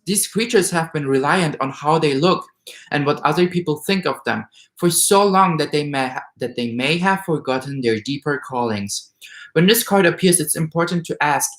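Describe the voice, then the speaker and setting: A man doing a weekly tarot reading, reading card meanings aloud and growing emotional and excited as he goes. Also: a little high. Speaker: tarot reader. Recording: roomy echo.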